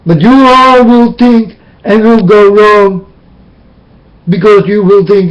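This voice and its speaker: A man's voice: high-pitched, steady tone, slow pace, highs cut off. A man preaching intense, repetitive warnings into a webcam. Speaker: self-styled preacher. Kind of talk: webcam sermon.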